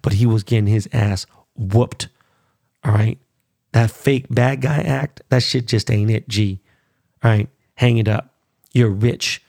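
A man's voice: lowish voice, measured pace, creaky, a little mellow, no echo, studio quality. A man hosting a podcast, ranting bluntly and profanely about sports and his life. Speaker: podcast host. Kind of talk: casual rant.

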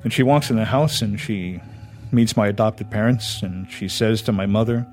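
Low voiced guy from hawaii telling a creepy true story, calm and dramatic, music playing under. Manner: measured, dramatic, conversational. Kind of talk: spoken storytelling.

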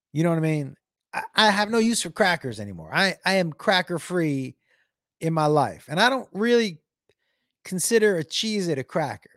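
A man's voice: high voice, big pitch swings, a little fast, fairly bright tone, no echo, clean studio sound. A man telling a rambling, profane comedy story on a livestream, often laughing and greeting viewers by name. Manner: rambling, profane, reads chat names aloud.

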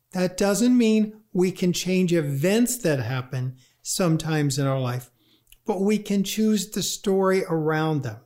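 A grief lecturer giving a talk, speaking conversationally and acting out inner voices in quick asides. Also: medium pitch, a little mellow. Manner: conversational, with fillers. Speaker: grief lecturer and workshop leader. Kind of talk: talk on grief and positive thinking.

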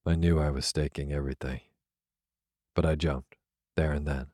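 Very deep, flat-voiced male sleep narrator. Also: no room sound, clean studio sound. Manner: soft, even, unhurried delivery. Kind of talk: slow, soothing sleep-story reading.

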